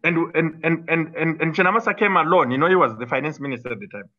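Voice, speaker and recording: A man's voice: a little high, fast talker, dull audio. A middle-aged man, a former minister arguing combatively in an interview, with frequent fillers and restarts. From Zimbabwe. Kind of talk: political interview talk.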